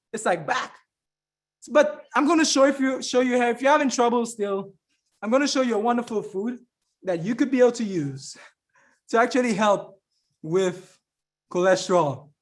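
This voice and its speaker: A man giving a fervent, preaching-style health talk as an evangelist and remedies trainer, rambling with restarts and often calling the listeners friends. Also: very high voice. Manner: rambling with frequent restarts and fillers.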